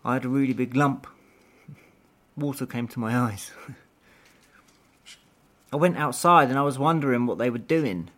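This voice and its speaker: A man's voice: medium pitch, moderate pace, pauses often, fairly bright tone. A man who works as a mortuary technician, giving earnest, reflective documentary interview testimony. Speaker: anatomical pathology technician.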